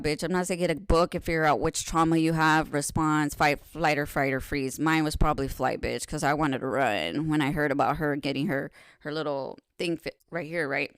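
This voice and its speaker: A woman speaking as a podcast guest, telling a personal story in a frank, profane, rambling way, swinging between loud animated retelling and soft hushed confession. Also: low voice, smooth, no room sound.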